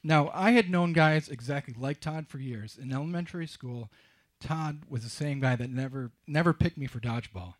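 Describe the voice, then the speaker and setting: A middle-aged man telling a wry, self-mocking personal story on stage, with halting restarts. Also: a little high. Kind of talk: live storytelling.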